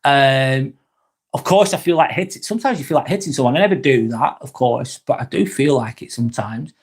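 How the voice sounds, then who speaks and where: A man's voice: medium pitch, animated, a little fast, breathy edge. A man hosting a live vlog, talking casually and frankly, swearing often and rambling through restarts as he reads out and answers chat comments.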